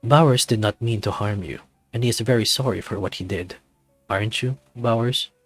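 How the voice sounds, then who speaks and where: A man doing a soft-spoken, gentle werewolf healer. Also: on the low side, normal speed, slightly rough, no echo, faint music behind. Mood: reassuring. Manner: soft, reassuring, formal. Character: large gentle brown male werewolf, caring.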